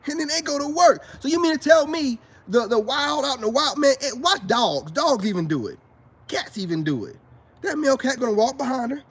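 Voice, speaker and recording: Husky high-voiced man preaching boastfully. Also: lively intonation, brisk, fairly bright tone. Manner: boastful and preachy, repeats phrases for emphasis; addresses viewers directly as brothers. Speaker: self-styled spiritual advice vlogger. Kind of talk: casual monologue to camera.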